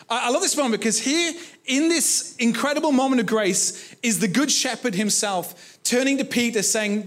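A man preaching a sermon, retelling a story in a reflective way, with frequent pauses and restarts. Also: very high voice, expressive, fairly bright tone.

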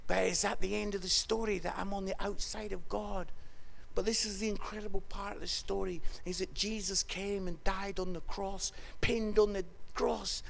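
A Scottish man preaching a sermon and telling stories, moving from hushed tones to loud exclamations. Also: high voice, little pitch movement, moderate pace. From Scotland. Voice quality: gravelly, swings from hushed to shouting. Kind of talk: sermon with personal storytelling.

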